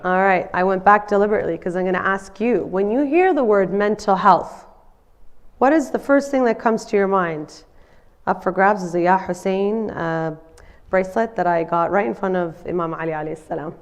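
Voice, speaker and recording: A woman counsellor speaks to a live audience, her voice nasal from a cold. She keeps a friendly, conversational tone and often checks in with the listeners. Her pitch sits in a medium range. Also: moderate pace. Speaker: counsellor giving a community presentation. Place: community centre in front of an audience.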